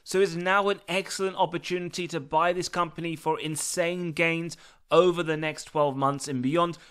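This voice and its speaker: A man hosting a stock analysis channel, talking through the figures in a steady, methodical way with formal phrasing, recorded as a close voice-over. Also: fairly high pitch, normal speed, smooth.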